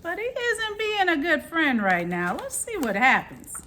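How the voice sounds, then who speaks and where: A woman hosting a weekly children's read-aloud, reading a rhyming picture book with animated storytelling. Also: very high-pitched, measured pace, a little hiss or hum.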